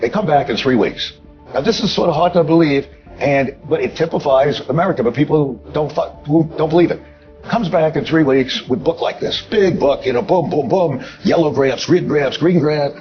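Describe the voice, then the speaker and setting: A man's voice: on the high side, moderate pace, dull audio, soft background music. An older man telling a business story bluntly, digressing and repeating himself with filler asides. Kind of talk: anecdotal storytelling.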